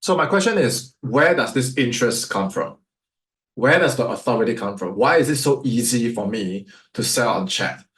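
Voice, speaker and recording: A man's voice: mid-range voice, expressive, moderate pace, fairly bright tone. A man with a Singaporean English accent, teaching sales as a coach, firing rhetorical questions at his listeners. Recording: echoey room.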